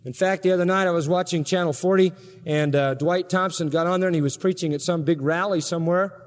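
High-voiced male preacher in a reverberant hall. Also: fairly even intonation, fast. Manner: emphatic, asks rhetorical questions. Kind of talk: sermon.

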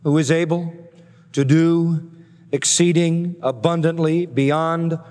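A man preaching an expository sermon, building emphatic repeated phrases and slowing down to stress key words. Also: a little high, fairly even intonation, a little mellow, in a large hall. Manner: emphatic, repetitive cadences with slow stressed phrases. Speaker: pastor.

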